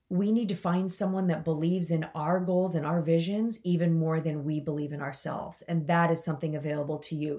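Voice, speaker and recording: This woman, a podcast host and coach, runs a motivational show and chats enthusiastically with her listeners. Her voice sits low and sounds mellow.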